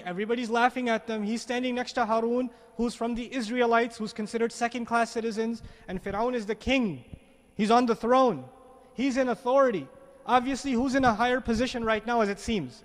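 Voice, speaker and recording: A man with a very high voice tells a sermon as a lively story. He keeps asking the audience rhetorical questions. His voice rings with a long reverb, as if in a large hall. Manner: animated, many rhetorical questions. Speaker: preacher.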